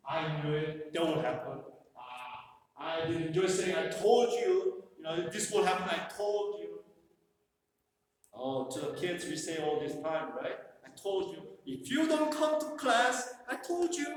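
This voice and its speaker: A man presenting a workshop to a live group, talking in a conversational, joking way with many "you know" fillers. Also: a little high. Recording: echoey hall from far off, faint noise.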